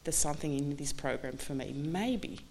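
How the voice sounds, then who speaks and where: A woman candidly telling her recovery story in a halting, earnest way, full of restarts. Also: sits low, a little mellow, slight background noise. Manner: candid, halting, many restarts and you-knows. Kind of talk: personal testimony talk.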